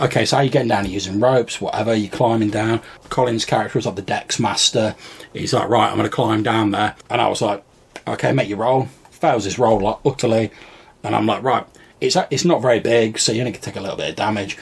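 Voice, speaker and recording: Male podcast co-host, low gravelly husky voice, rambling casual recap of a game night. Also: quick pace. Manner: rambling, many fillers and restarts. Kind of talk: casual storytelling chat.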